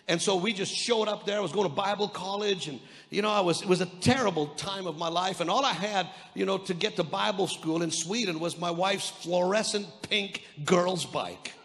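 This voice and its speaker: A man's voice: high voice, moderate pace, few pauses, fairly bright tone, in a large hall. A Canadian man preaching a sermon with energy, telling stories and quoting others, often restarting his words. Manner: storytelling, quoting voices of others. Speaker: pastor. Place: large church hall.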